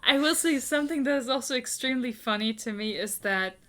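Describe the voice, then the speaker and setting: A woman's voice: on the high side, brisk, fairly bright tone. A woman co-hosting a book club podcast, chatting casually with wry, blunt humor and casual swearing.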